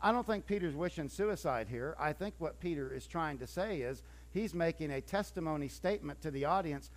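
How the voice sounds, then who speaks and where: On the high side and a little fast, this preacher barely pauses. He narrates his sermon in a lively, chatty manner, acting out scenes, with a handful of stumbles and restarts.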